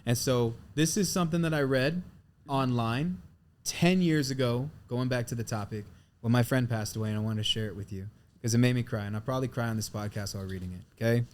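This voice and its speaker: A man's voice: medium pitch, a little fast. A man co-hosting a casual podcast, reading a passage aloud and talking openly, at times emotional and swearing casually. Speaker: podcast co-host.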